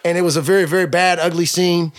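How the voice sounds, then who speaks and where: A man talking as a podcast guest, telling a long story in slangy, rapid speech with many restarts. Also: high-pitched, little pitch movement. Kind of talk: conversational storytelling.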